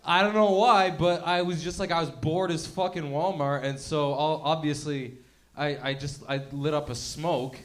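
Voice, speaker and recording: A stand-up comic, a man with a slightly raised pitch, rambling loosely with lots of pauses and fillers and teasing the room. His delivery feels offhand and unpolished. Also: steady tone. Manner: loose, halting, crowd-teasing. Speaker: guest comedian. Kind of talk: stand-up comedy. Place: comedy club stage.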